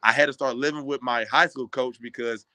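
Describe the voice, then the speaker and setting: A man in his thirties from Kentucky tells stories from his playing days in a bright, forceful voice. He acts out the people in them as he goes. The sound is close and dry, like a podcast studio. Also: medium pitch, brisk, no echo. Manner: animated, acts out other people's lines. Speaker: former college basketball player, guest. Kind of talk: casual storytelling.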